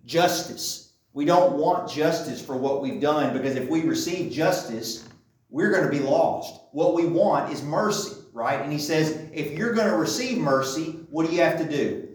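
A man preaches in a relaxed, conversational way, pausing often to check that his listeners follow. His voice sits a little high. He is picked up from across a strongly reverberant church room. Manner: conversational teaching, frequent checking "okay?". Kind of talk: sermon. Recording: very echoey room, distant mic.

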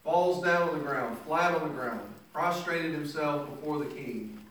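Man, pastor, sermon, verse-by-verse explanation, somewhat high voice, heavy room echo. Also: a little slow, fairly bright tone. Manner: expository preaching, reading verses then paraphrasing with emphasis. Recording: echoey room picked up from a distance.

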